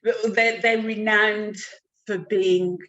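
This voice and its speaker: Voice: medium pitch, fairly even intonation, drawn-out words, bright, forceful tone, muffled recording. Probing interview host. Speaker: podcast host. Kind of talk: conversational interview.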